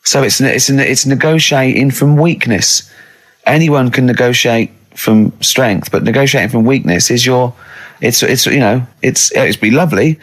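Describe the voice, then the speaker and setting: Host, man; playful, giggly, halting explainer. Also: mid-range voice, fairly bright tone. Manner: playful, laughs often, explains with many restarts. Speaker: radio show host. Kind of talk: casual radio chat.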